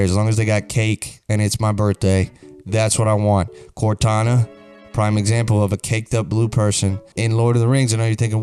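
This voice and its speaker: A young man with a lowish voice delivers a rambling comedy rant, crude and ironically earnest, as if building an absurd argument. Faint music plays underneath. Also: darkish tone. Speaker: comedic video host.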